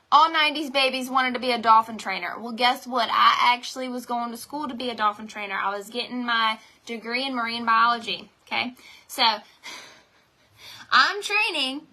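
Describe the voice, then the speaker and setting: A woman's voice: on the high side, sharp tone. A woman, rambling and chatting directly to viewers in a motivational live stream from home. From North Carolina. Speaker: direct sales team leader.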